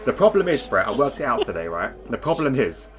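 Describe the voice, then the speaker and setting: A man's voice: mid-range voice, big pitch swings, fast talker, soft background music. A man hosting live sim-racing commentary, chatty and rambling, reading out standings with self-deprecating asides. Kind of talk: live esports race commentary.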